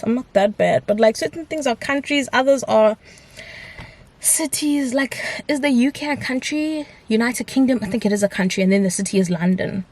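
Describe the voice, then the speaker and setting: A woman's voice: mid-range voice, brisk, no room sound. Chatty woman vlogging. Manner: chatty, rambling, upbeat, mixes in isiZulu phrases. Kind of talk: casual chat to camera.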